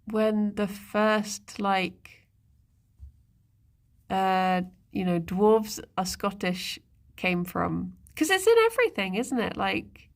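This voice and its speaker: A woman's voice: mid-range voice, lively intonation, takes it slowly. A woman streamer in casual live-stream chat, musing aloud and talking to her viewers and pets. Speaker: livestreamer.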